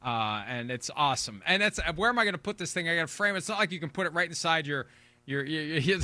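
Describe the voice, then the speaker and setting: A man in his sixties holds forth on a sports talk show with a bright, forceful voice pitched a little high. He talks casually and rambles, doubling back on words as he goes. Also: expressive, quick pace, no room sound. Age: 60s. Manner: rambling, repeats words when restarting.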